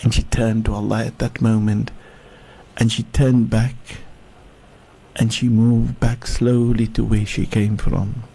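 Husky, halting sheikh telling a story. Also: male voice, on the low side, little pitch movement, warm tone. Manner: slow, halting, with many restarts and repeated words. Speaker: sheikh, guest speaker. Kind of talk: storytelling sermon.

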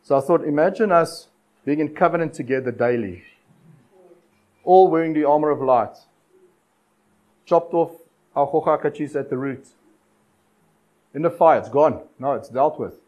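A man's voice: a little high, darkish tone, poor audio. Man preaching with urging cadence. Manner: exhortative, repetitive cadence with dramatic pauses. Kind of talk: sermon.

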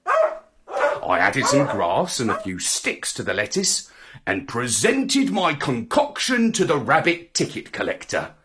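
A man reading a children's story aloud in the first person, with an expressive, swooping storybook delivery. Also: medium pitch, slow, breathy edge.

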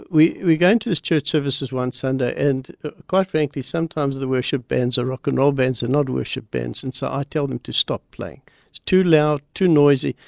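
Gravelly-voiced man preaching on radio. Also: mid-range voice, no echo, clean studio sound. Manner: earnest, story-driven, slow and emphatic. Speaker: guest pastor.

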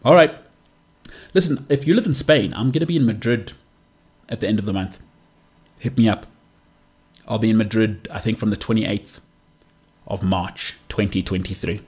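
A man's voice: on the low side, normal speed, long pauses, a little mellow, slightly rough. A man from South Africa hosting his own podcast, ranting with strong, emphatic opinions and repeating his punchlines. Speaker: podcast host. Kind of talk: solo podcast rant.

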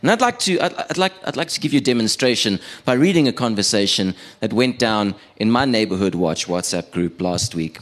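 A man performing a stand-up comedy set as a radio producer, animated, with stumbling restarts. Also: lowish voice, brisk, hardly any pauses.

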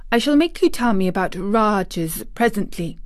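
A woman's voice: medium pitch, animated, moderate pace, no room sound, clean studio sound, natural voice. Woman reading as a spoiled imperious boy. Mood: curious. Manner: commanding, grand.

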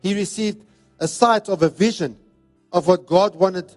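A pastor preaching a sermon in an emphatic, repetitive cadence. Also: male voice, high voice, unhurried, soft background music. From South Africa.

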